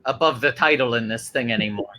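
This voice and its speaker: A man's voice: mid-range voice, fast, pushed and bright. A man co-hosting a casual chat, playful and joking, directing the others.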